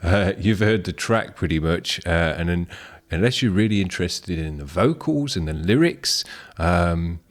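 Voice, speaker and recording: A man's voice: sits low, animated, normal speed. A man hosting a music review show, giving casual spoken commentary in a rambling, easygoing and frank way.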